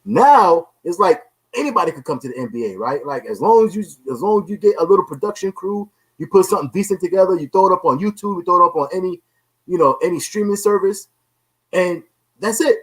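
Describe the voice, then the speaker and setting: A man's voice: high voice, expressive, quick pace, breathy edge, low-quality recording. A man hosting a casual podcast chat, emphatic, who keeps checking in with his listeners as he talks. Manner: emphatic, keeps repeating "you know what I'm saying". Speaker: podcast host.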